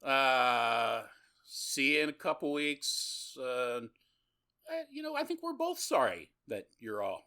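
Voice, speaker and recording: A man's voice: medium pitch, big pitch swings, slow pace, bright, forceful tone. A man co-hosting a podcast in casual chat, rambling and laughing often. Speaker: podcast co-host.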